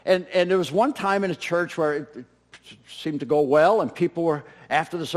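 A high-pitched man delivers a sermon with dramatic swings in volume, punching key words loudly and then dropping almost to a whisper. He mixes in self-deprecating humor and laughs at his own stories. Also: brisk. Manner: dynamic delivery, swinging from loud emphatic peaks to soft near-whispers. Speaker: pastor.

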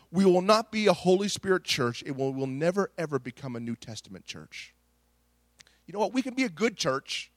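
A middle-aged male pastor preaches a Pentecostal sermon with passion, his voice sitting high for a man, sing-song and fairly bright at a moderate pace. He stumbles over repeated words and restarts phrases as he builds a story. The sound is dry and close, with no room echo.

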